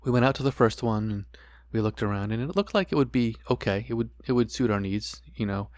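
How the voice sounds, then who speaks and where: A man's voice: mid-range voice, quick pace, dry recording, studio quality. A middle-aged man hosting a podcast, earnestly sharing a personal testimony and preaching to his listeners with repeated phrases. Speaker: podcast host.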